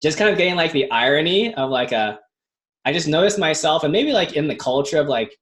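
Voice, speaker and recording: A man's voice: on the high side, animated, brisk, fairly bright tone. A man in his thirties in a casual spiritual chat, reflective and rambling, full of fillers.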